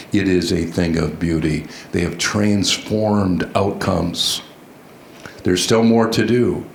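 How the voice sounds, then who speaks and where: A man giving a storytelling keynote at a conference, animated and quizzing the audience with questions. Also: low voice, vocal fry, a little hiss or hum. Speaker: conference speaker. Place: large conference hall. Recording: echoey hall sound.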